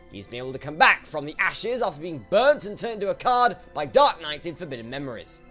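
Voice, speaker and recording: Lively wry let's-play guy. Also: a little high, fast, hardly any pauses. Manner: chatty, wry asides between reading game text. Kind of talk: casual gameplay commentary, reading on-screen text aloud. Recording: faint game music behind.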